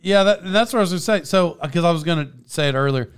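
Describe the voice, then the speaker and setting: A man's voice: fairly high pitch, quick pace, clear, resonant tone. A man telling stories in casual chat, laughing often.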